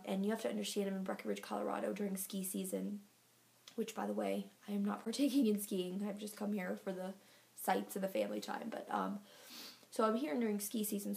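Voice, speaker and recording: Breathless, gravelly-voiced woman vlogger. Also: mid-range voice, darkish tone. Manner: chatty, filler-heavy storytelling. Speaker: vlogger giving a pregnancy update. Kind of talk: casual chat to camera.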